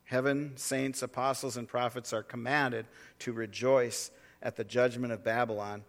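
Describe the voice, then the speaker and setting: A man as pastor, preaching a sermon and reading scripture aloud in a measured way that swells into forceful warnings. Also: medium pitch, level tone.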